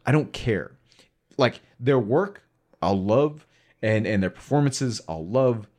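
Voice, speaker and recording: A man's voice: medium pitch, animated, takes it slowly, a little mellow. A man co-hosting a casual podcast, speaking frankly with lots of filler words. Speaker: podcast co-host. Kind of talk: casual chat.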